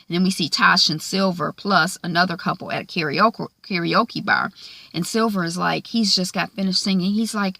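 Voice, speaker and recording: A woman's voice: on the low side, fairly even intonation, moderate pace, creaky, sharp tone. A woman casually recapping a TV episode, chatty, with lots of "um" and "like", acting out the characters' lines. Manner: chatty, frequent "um" and "like", acts out quoted lines.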